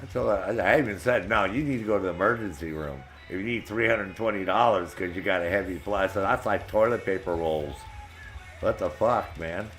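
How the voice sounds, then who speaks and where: Male streamer, deep-ish voice, crude animated storyteller, light background music. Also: a little fast, low-quality recording. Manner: profane, animated storytelling with falsetto impressions. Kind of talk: casual storytelling while gaming.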